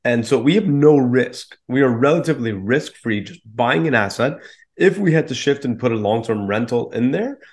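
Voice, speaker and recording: A man's voice: medium pitch, lively intonation, moderate pace. A man, a real estate investor guest on a podcast, explaining his approach confidently with casual fillers. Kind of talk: podcast interview.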